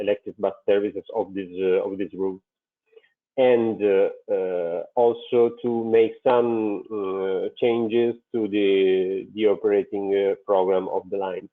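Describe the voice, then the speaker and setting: Halting, male presenter, low voice, slow delivery, tinny video-call audio. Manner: halting, many fillers and restarts. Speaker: transit company presenter. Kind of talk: webinar presentation. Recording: phone-like narrow sound.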